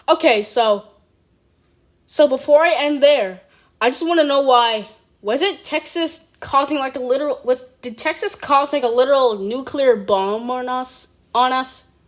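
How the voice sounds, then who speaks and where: A high-pitched young voice reacting at home, giggling and gasping in surprise. The talk drags along at an unhurried pace and keeps rambling, stopping often to restart a thought. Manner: rambling, self-correcting. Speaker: reaction video creator. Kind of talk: casual reaction commentary. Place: room at home.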